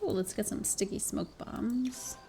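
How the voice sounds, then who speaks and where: A chatty woman streamer talks through her game to her viewers, giggling often and swearing now and then. Her voice sits in a middle pitch, with faint music playing behind her. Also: measured pace, creaky, mellow. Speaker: live streamer. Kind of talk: casual chat while gaming on stream.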